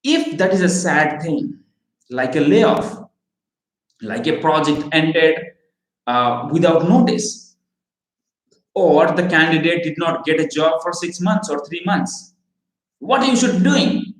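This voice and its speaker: A man teaching recruiters in a slow, emphatic lecture, often checking in with "okay?" and "right?". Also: on the high side, animated. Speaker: recruiting trainer. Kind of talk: training lecture. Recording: roomy echo.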